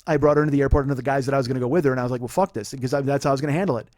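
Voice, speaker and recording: A man's voice: mid-range voice, very fast, a little mellow, dry recording, clean studio sound. A man in his forties hosting a podcast, telling a personal story in a heated, profane, rambling monologue. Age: 40s. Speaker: podcast host.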